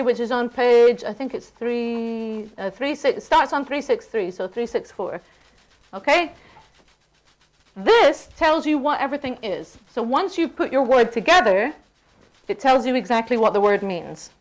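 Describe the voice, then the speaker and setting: Woman lecturer, slightly high voice, lively and playful with her class. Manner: lively, playful, checks in with "okay?" often. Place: university classroom.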